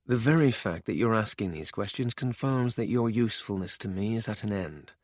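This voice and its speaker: A man voicing a ruthless spymaster who talks quietly and with cold contempt. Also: on the low side, brisk, dry recording, close to an everyday voice.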